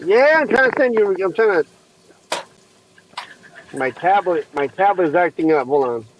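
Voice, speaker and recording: High-voiced halting male guest. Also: expressive, highs cut off, a little hiss or hum. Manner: halting, repeats words as he restarts. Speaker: interview guest, researcher. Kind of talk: casual interview chat.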